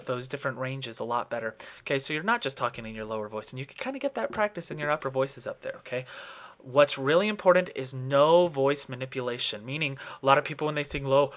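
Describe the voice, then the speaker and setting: A young man giving a voice lesson, talking expressively, swooping up into head voice and falsetto and checking in with a frequent "okay?". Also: quick pace. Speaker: voice teacher. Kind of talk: vocal lesson to camera. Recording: tinny phone-like lo-fi audio.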